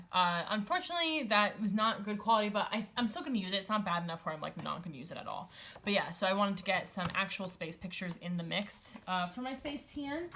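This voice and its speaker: A woman's voice: medium pitch, a bit bright, a little hiss or hum. A woman in a casual chat, showing off a stationery haul, rambling with many fillers and restarts, and gushing over the items.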